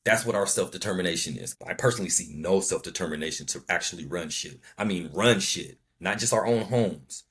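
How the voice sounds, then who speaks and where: A man speaking hosts a solo podcast in a fervent, preachy tone. His fairly low voice has a husky grain, and he hammers his points home by repeating words and swearing now and then. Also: quick pace, hardly any pauses. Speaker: podcast host. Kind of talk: impassioned solo podcast commentary.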